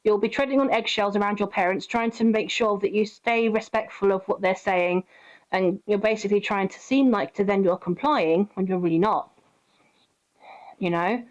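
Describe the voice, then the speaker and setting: A young woman live streaming, chatting casually and gently reassuring her viewers with advice. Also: mid-range voice, moderate pace. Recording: dull lo-fi stream audio.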